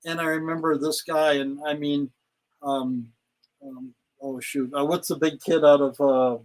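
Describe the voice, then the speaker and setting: An older man, a guest in a casual interview, telling stories in an animated way and acting out quoted lines. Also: fairly high pitch, measured pace, poor audio. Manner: animated storyteller, acts out quotes. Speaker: guest, retired pro wrestler.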